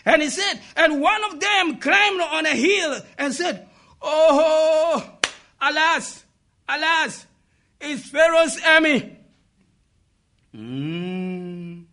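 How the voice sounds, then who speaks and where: A man preaching an impassioned sermon, often shouting and putting questions to the congregation. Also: sits high.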